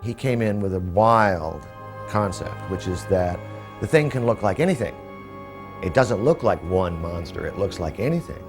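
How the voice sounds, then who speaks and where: A man in an interview, recalling making a film in a measured, reflective way. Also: sits low, expressive, over music. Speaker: film director. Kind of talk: interview recollection.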